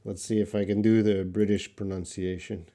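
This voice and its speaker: A man teaching English in a live question-and-answer class, explaining patiently and repeating words slowly for learners. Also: fairly low pitch, little pitch movement, dark tone.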